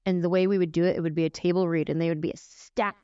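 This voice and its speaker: A woman comedian in her forties tells stories on a podcast, lively and demonstrative, slipping into brief voices to show what she means. The recording is dry and a little muffled, with a slightly lo-fi sound. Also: on the low side, fast talker, clear, resonant tone, dry recording. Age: 40s. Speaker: guest comedian. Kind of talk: casual storytelling in a podcast interview.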